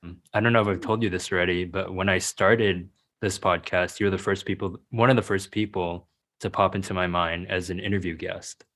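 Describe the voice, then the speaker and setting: Deep-voiced young male podcast host. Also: steady tone, a little fast, a bit bright. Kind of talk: podcast interview.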